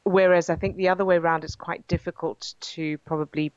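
A woman's voice: fairly low pitch, fairly even intonation, a little fast, a little mellow, dry recording. Woman, received pronunciation English accent, hesitant interview guest, muffled dry line. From England. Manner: hesitant, many ums and restarts. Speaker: actress and guest.

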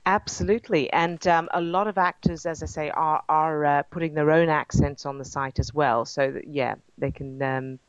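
An English actress with a received pronunciation accent, speaking as a guest in an interview, hesitant with many ums and restarts. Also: female voice, low voice, fairly even intonation, moderate pace, hardly any pauses, clear, resonant tone, dry recording, highs cut off. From England. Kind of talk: interview over a line.

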